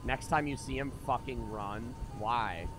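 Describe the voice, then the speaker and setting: A young man narrates a horror game as he plays, nervous and easily startled. He swears freely and chats to his viewers. Game music plays clearly underneath. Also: mid-range voice, a little slow. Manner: jumpy, swears a lot, talks to chat. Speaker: gaming commentator. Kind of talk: horror game let's play commentary.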